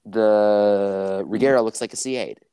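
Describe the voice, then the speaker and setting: A man's voice: lowish voice, fairly even intonation, unhurried, dark tone, clear, resonant tone, dry recording. A young man in casual podcast chat, teasing and quizzing his friend.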